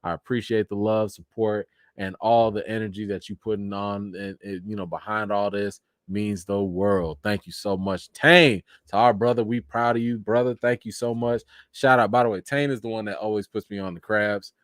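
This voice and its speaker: A man's voice: on the low side, moderate pace, few pauses, no room sound, studio quality. A man hosting a casual live stream, reading viewer comments aloud and thanking each viewer, with frequent laughs and big rises in his voice. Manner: animated, laughs often, thanks viewers one by one. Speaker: livestream host.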